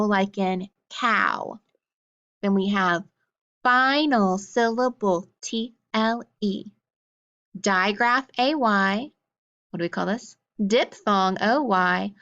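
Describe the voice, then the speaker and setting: A woman teacher runs a phonics drill, calling out sounds and spelling them letter by letter. She speaks at a very slow, deliberate pace. The recording sounds dull and lo-fi. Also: mid-range voice, a bit bright.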